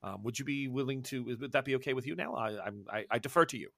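A man's voice: medium pitch, quick pace, fairly bright tone, no room sound, pitched below the performer's own voice. A man voicing a timid, polite male professor who stammers and keeps restarting his sentences. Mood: hesitant. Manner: hesitant, stammering, full of restarts.

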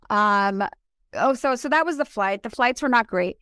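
Animated woman in her forties, dry sound. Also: on the high side, normal speed, clear, resonant tone, no room sound. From Colombia. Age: 40s. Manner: animated storytelling, emotional. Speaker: podcast co-host. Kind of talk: casual chat.

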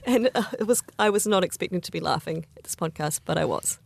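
A woman's voice: on the low side, animated, fast, vocal fry. A woman co-hosting a podcast in casual chat, rambling with lots of fillers and frequent laughter. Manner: chatty, rambling with many fillers, laughs often. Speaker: podcast co-host.

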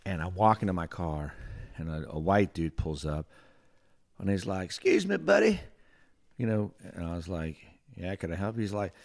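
A man from North Carolina chatting on a podcast, telling stories and acting out other people's lines in quick put-on voices. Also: sits low. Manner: animated storyteller who acts out other people's lines. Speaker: podcast co-host. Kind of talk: casual chat, storytelling.

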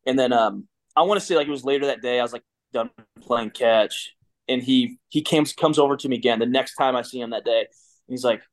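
Guy in his 30s rambling thru a story, lots of restarts, normal pitch. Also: brisk. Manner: rambling, many restarts and fillers. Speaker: guest, former pitcher. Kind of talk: casual storytelling.

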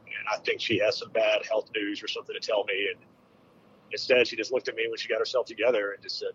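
A man in his forties, a military veteran, telling a hard personal story with candid, halting speech and many fillers. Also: fairly low pitch, flat delivery, fairly bright tone, dull audio, a little hiss or hum. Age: 40s.

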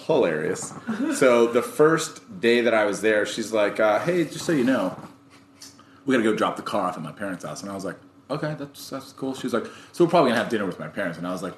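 A man, a guest, telling a story in casual chat, animated and laughing often, jumping up in pitch whenever he quotes himself or others. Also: fast, slight background noise. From United States. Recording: roomy echoey sound.

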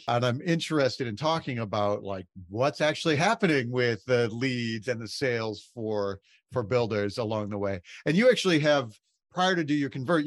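An easygoing man hosts a podcast interview, speaking conversationally and sometimes restarting his sentences. His voice is mid-pitched and recorded close and dry. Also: dry recording. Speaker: podcast host. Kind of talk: casual interview hosting.

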